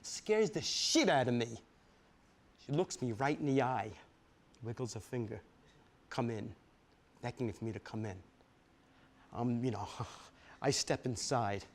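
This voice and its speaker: A man from Brooklyn, reading a personal story aloud in an animated, profane, conversational way. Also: mid-range voice, measured pace, long pauses.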